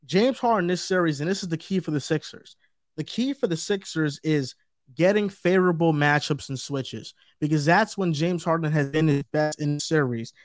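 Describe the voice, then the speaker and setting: A man's voice: a little high, moderate pace, no echo, clean studio sound, soft background music. A man co-hosting a sports debate show, talking emphatically and repeating his points for stress. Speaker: co-host.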